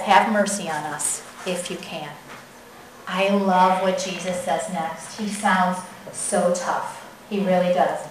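A woman preaching a sermon in a lively, conversational way that often checks in with the audience. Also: high-pitched, echoey room, a little hiss or hum, poor audio. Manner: animated, conversational, keeps asking the audience "right?".

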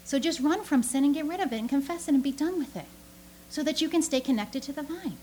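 A woman giving a lively, conversational sermon to a church audience, full of rhetorical questions and asides. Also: sits high, fast, a little hiss or hum. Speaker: speaker teaching a church audience.

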